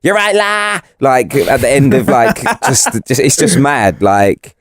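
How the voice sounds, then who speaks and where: A man co-hosting a podcast, chatting casually in a sweary, slangy, animated way. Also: mid-range voice, a little slow, dry recording, clean studio sound. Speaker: podcast co-host. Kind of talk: casual chat.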